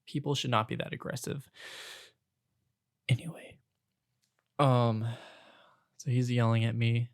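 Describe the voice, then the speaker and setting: Ranting young man, gravelly voice. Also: mid-range voice, unhurried, pauses often, dry recording, clean studio sound. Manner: animated storytelling, swings between loud outbursts and hushed asides. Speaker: podcast host. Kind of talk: casual ranting monologue.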